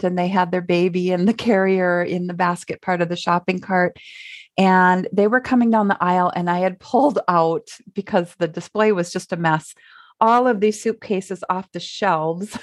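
A middle-aged woman with a Minnesota accent talks casually on her solo podcast, her fairly low voice steady and at a normal speed. She's reflective and chatty, dropping in fillers and small laughs.

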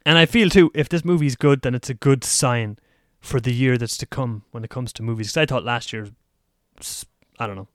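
Brisk and medium-pitched, a Taiwan-based man hosts his own podcast, wandering through casual movie talk and sometimes laughing at himself. There's no room sound, and the audio is studio quality.

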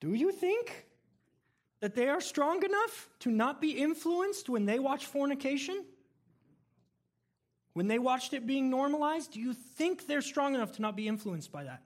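A male pastor giving a sermon in a conversational, animated way, telling stories and laughing along the way. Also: very high-pitched, normal speed.

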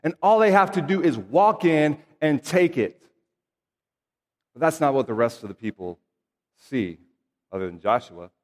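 A man's voice: on the high side, animated, a little slow, long pauses, big-room sound. A man reading scripture aloud and then preaching in an earnest, conversational way with emphatic asides. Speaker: pastor.

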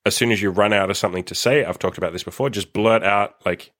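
A man's voice: fairly low pitch, fast, hardly any pauses, a bit bright. A young man hosting a casual solo dating podcast, blunt and swearing freely as he acts out bits of conversation. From Australia. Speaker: dating coach podcast host.

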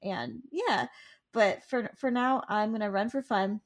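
A woman co-hosting a casual chat, playful and quick to laugh. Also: a little high. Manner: giggly, playful, jokes around. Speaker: podcast co-host.

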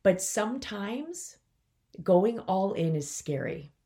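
A woman's voice: mid-range voice, big pitch swings, slow pace, mellow. A woman in her forties, a business coach hosting her own podcast, talking candidly and emotionally while trying not to cry. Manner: emotional, fighting back tears, candid. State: on the verge of tears. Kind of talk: personal solo podcast talk.

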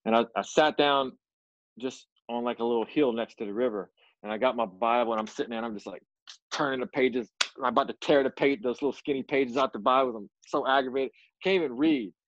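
A man, a missionary guest, telling a personal story in an earnest, animated way with frequent restarts. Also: medium pitch, brisk, no echo. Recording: dull lo-fi dry sound.

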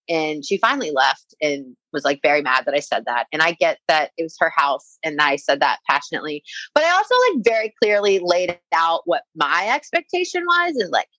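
A young woman recounts a personal story in casual conversation, her voice a little low and recorded dry and close. She leans on "like" constantly and acts out what people said to her. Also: animated, a little fast, fairly bright tone, no room sound, low-quality recording. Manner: frequent "like" fillers, quoting herself and others. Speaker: guest telling a personal story.

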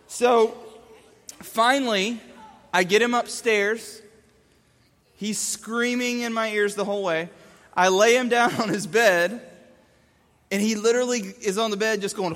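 With slow pacing and long pauses, a man gives a sermon as pastor, his very high, bright voice forceful as he animatedly acts out the scenes of his stories. A large hall carries his words with long reverb.

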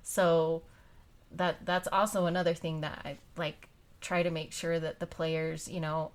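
A woman's voice: low voice, little pitch movement, a little slow. A woman podcast host and youth soccer coach, chatting casually and telling rambling stories with frequent laughs. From Utah, United States. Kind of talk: casual interview chat.

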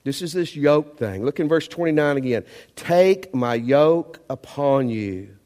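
A man preaching a sermon as pastor, emphatic and animated, asking the congregation rhetorical questions. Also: a little high, unhurried, long reverb tail.

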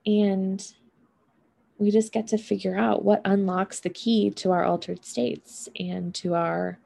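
A woman giving a reflective monologue on emotions and healing. She talks in an unhurried, musing way and often adds "right?" and "you know". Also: medium pitch, steady tone, gravelly, dark tone.

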